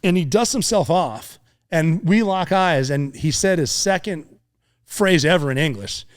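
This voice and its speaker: A middle-aged man with a slightly raised pitch spins a combat story in casual podcast talk. He swears freely, mimics gunfire and other men's shouts, and drifts between tension and dry humor. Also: unhurried, smooth. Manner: animated war storyteller, profane, acts out voices and sounds, laughs often. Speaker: podcast guest, former Navy SEAL.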